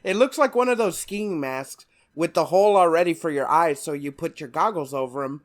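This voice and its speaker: A man's voice: fairly high pitch, brisk. A male podcast co-host talking casually about a film, rambling and laughing often.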